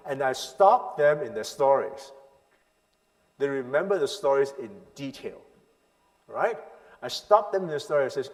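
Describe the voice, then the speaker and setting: A man teaching a parenting seminar as a sermon, emphatic, asking the crowd rhetorical questions and swinging between loud and hushed lines. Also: medium pitch, moderate pace. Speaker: pastor leading a parenting seminar. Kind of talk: sermon-style teaching to a congregation. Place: church hall. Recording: long hall reverb.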